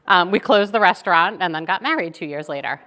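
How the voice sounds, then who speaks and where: A woman, giving a keynote talk as lively conversational storytelling that keeps checking in with "right?". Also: fairly low pitch, fast talker. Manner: chatty, animated, tags lines with "right?". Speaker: keynote speaker.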